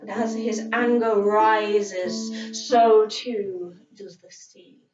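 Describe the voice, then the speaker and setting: A woman telling a story in a dramatic way, with long pauses. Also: medium pitch, steady tone. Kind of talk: storytelling narration over guitar music. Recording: roomy, distant and dull, with loud guitar music.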